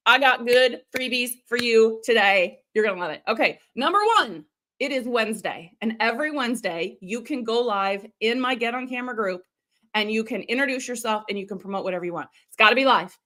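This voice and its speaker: A woman with a slightly high voice coaches her viewers live on a stream. She talks in a chatty, animated way and often breaks into quick asides. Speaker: online video coach hosting a live stream. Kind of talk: casual live-stream teaching.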